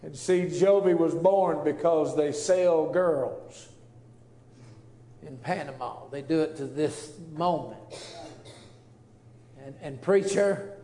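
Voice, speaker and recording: A man's voice: a little high, takes it slowly, warm tone. A man, a preacher telling an earnest, emotional testimony story. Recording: roomy echo.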